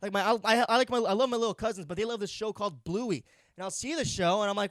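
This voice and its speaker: Young male comedy podcaster, high-pitched, sleepy rambling rant, profane and sarcastic, dry close mic. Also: fast, a bit bright, no room sound. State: sleep deprived. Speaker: podcast host.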